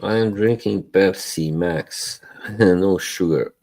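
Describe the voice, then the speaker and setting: A man hosting a relaxed live stream, rambling in casual chat, chuckling often and trailing off. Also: deep voice, slow pace, vocal fry.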